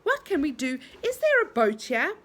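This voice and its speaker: Woman doing bossy complaining storybook boy, lively up-and-down voice. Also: high voice, normal speed, a little hiss or hum, exaggerated voice. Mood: indignant. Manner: indignant, complaining. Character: impatient boy Joe, bossy, grumbling.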